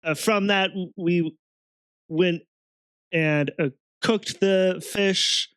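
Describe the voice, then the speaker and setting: A man hosting a let's play, commenting casually on gameplay, chuckling often and halting with fillers. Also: high voice, steady tone, a bit bright, clear, resonant tone, no echo, clean studio sound.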